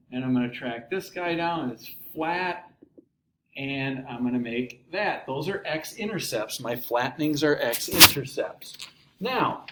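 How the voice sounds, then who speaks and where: A man teaching a math lesson, animated, asking questions and answering them himself, with playful asides. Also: on the high side. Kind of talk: recorded classroom lecture. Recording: echoey room with faint ambient noise.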